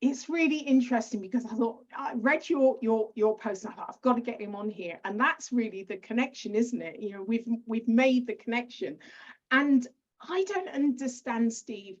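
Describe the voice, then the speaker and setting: A woman's voice: on the high side, a little mellow. British woman podcast host, lo-fi. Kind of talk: podcast interview. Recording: dull lo-fi audio.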